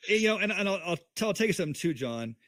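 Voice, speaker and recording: A man's voice: sits high, very animated, quick pace, fairly bright tone, dry recording. A man in a heated livestream chat on a video call, talking in an angry, emphatic, profane way. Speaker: co-host.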